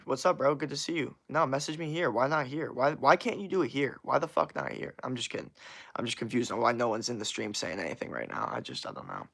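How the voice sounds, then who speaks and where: A man's voice: medium pitch, sing-song, fast talker, creaky, a bit bright. A young man livestreaming, talking in a rambling, profane and frustrated way to his chat. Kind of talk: casual live stream chat.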